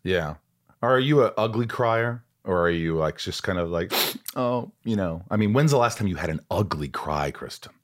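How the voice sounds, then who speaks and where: A man's voice: deep voice, lively intonation, moderate pace. A man hosting a podcast, asking playful, teasing questions in casual chat. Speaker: podcast host.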